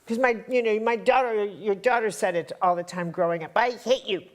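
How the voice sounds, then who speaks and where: A woman's voice: mid-range voice, fairly quick. A woman from the Chicago area teaching a live spiritual workshop to an audience. She talks bluntly and repeats her lines for punch.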